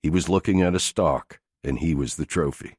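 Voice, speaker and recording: A man reads an action thriller audiobook in a steady, gritty delivery. His voice sits very deep, and the recording is close and dry with no room echo. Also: normal speed, husky. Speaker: audiobook narrator. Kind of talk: scripted narration of an action thriller.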